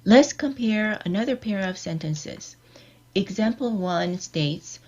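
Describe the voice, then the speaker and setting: A woman giving a scripted online lecture, reading out example sentences in a measured, deliberate way. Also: mid-range voice, lively intonation, a little mellow, husky. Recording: dull lo-fi recording.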